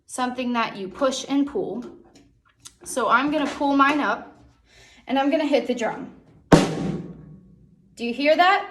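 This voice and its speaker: A young woman teaching children over video, her voice fairly high and bright. She keeps the lesson friendly and keeps checking in with "okay?". The room is echoey, with snare drum hits now and then. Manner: encouraging, checks in with frequent "okay?". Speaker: music teacher. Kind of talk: online music lesson for children. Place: music room.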